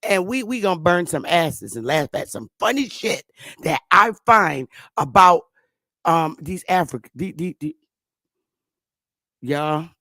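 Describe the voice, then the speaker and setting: A woman hosting her own channel, chatting to viewers in a loose, profane way, laughing often and stammering when she gets excited. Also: lowish voice, takes it slowly, no room sound, clean studio sound. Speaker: channel host. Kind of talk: casual commentary to viewers.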